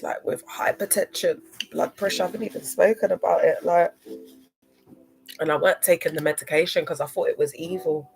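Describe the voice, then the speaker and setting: A young woman on a livestream, speaking emotionally and haltingly, often repeating herself. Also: on the low side, steady tone, gravelly, faint music behind. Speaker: live stream host.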